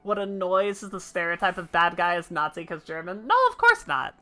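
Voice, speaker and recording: A young adult woman streamer chatting casually and opinionatedly during a live game stream, full of fillers and quick laughs. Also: lowish voice, sharp tone, faint music behind.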